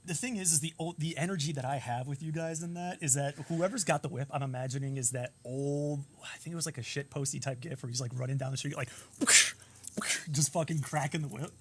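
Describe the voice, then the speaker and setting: A man's voice: a little high, brisk, a bit bright. A man chatting on a casual livestream as a guest, rambling and laid-back with many hesitations. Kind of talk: casual chat.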